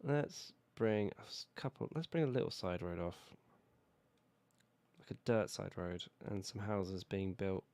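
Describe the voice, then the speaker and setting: A British man with a hoarse voice from a cold, casually chatting while he builds in a city-building game. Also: deep voice, a little slow, no echo. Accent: British English. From Britain. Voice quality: relaxed, rambling, self-correcting. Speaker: video game streamer. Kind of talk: casual gameplay commentary.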